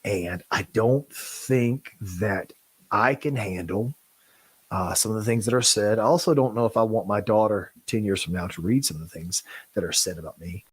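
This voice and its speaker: A man giving an earnest, apologetic statement on a podcast, halting often and restarting his sentences. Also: fairly low pitch, slightly rough, dry recording. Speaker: podcast co-host.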